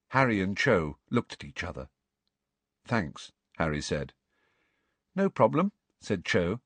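Husky guy narrating a story, lively delivery, dry close sound. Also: low voice, dry recording. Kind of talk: audiobook narration.

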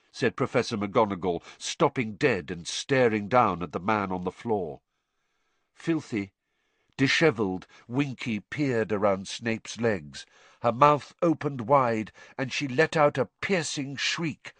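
A man narrating an audiobook in a measured, low-key storytelling manner. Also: lively intonation, a bit bright, no room sound. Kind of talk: scripted narration.

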